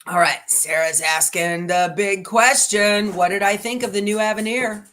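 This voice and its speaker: A middle-aged woman hosting a casual livestream. She talks in a chatty, homey, rambling way, speaking straight to her viewers at an even, middling pitch. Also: moderate pace. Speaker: livestream host.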